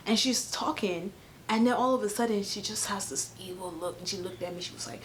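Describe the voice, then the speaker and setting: A young woman from Cameroon telling a story on her channel, animated and sarcastic, laughing often. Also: mid-range voice, fast, a little hiss or hum. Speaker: YouTuber. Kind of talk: casual storytime vlog.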